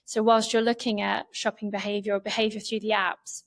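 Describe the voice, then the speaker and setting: A woman speaks as an interview guest, laying out her points in long, orderly lists. Her delivery stays level, with little rise or fall in pitch. The tone is calm and conversational. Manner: measured, explains in long flowing lists.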